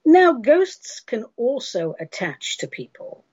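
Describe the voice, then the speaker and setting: Animated, husky woman radio host. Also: on the high side, slow pace, no room sound. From England. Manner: animated, emphatic, chatty. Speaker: radio host and spiritual advisor. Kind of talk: casual radio talk answering listener questions. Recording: dull lo-fi radio recording.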